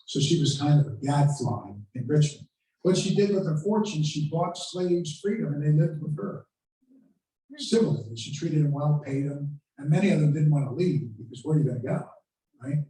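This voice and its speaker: In a lecture room at a country club, a man gives a history lecture to a live audience, building dramatic stories and acting out quoted speeches with real feeling. His dark, mellow voice is a little high, animated, and at normal speed. He sounds far from the mic, and the room is very echoey.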